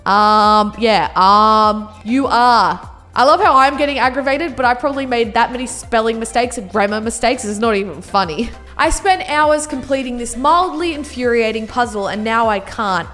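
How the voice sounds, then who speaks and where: A woman reacting to photos in a casual vlog, sassy and exclaiming, quick to get worked up. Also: on the high side, a bit bright, faint music behind.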